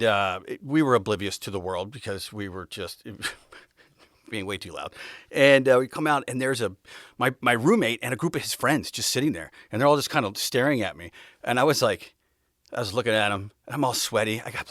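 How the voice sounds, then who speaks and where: A man's voice: mid-range voice, moderate pace, fairly bright tone, no room sound, clean studio sound. A man hosting a podcast, telling a rambling, candid personal story in a casual way and laughing often as he goes. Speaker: podcast host.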